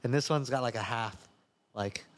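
A man's voice: medium pitch, moderate pace. A man telling a rambling story in casual podcast chat, often cutting himself off and restarting. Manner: rambling, self-interrupting storyteller. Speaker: podcast host.

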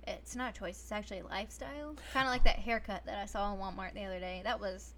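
A woman's voice: medium pitch, quick pace, bright, forceful tone, slight background noise. A woman hosting a podcast, chatting casually with a playful, teasing, giggly manner. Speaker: podcast host. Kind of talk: casual chat.

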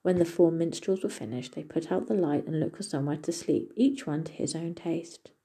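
A woman reads a fairy tale aloud in a steady, gentle manner. Her voice is low and husky. Its tone is deeply dark and mellow. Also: brisk. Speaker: storyteller. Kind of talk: storybook narration.

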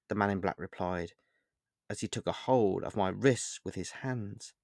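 A man reading his own short story aloud in the first person, in a measured, earnest storytelling manner. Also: lowish voice, vocal fry, darkish tone, dry recording, clean studio sound.

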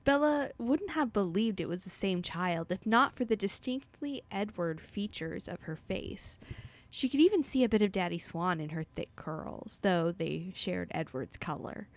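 A woman's voice: medium pitch, lively intonation, measured pace. A woman co-hosting a podcast, chatting and reading a book summary aloud with frequent giggles. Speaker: podcast co-host. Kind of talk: casual chat and reading aloud.

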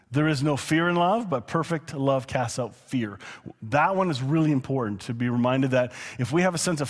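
A man preaching a sermon in a relaxed, conversational way, with quick asides and chuckles. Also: on the high side. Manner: conversational, chuckling, slows down to read scripture. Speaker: pastor. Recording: long hall reverb.

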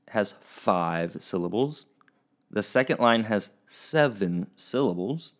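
Man teaching kids, friendly and rambling, fairly low voice, young adult. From Oregon, US. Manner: friendly, rambling, with restarts and fillers. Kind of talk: recorded remote lesson for children.

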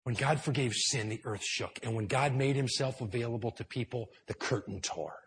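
Dramatic preacher man, hushed to loud. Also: mid-range voice, moderate pace. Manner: dramatic storytelling, swinging between hushed and loud. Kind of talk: sermon. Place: indoor church hall with high ceiling.

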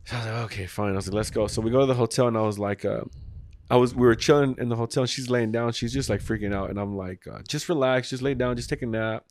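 A man's voice: medium pitch, fairly even intonation, quick pace, darkish tone. Rambling man telling a story. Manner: rambling, acts out quotes, swears freely. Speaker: podcast host. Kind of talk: casual storytelling chat.

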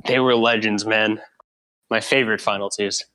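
A man's voice: lowish voice, steady tone, normal speed, bright, forceful tone, low-quality recording. A man from Long Island who jokes and giggles his way through a heated group call. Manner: giggly, joking, playful. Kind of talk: casual group call banter.

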